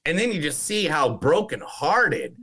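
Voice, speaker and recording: A man co-hosting a movie podcast, chatting casually in a lively, profane way with frequent restarts. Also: a little high, unhurried, husky. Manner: animated, profane, lots of restarts and laughter. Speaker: podcast co-host. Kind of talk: casual movie review chat.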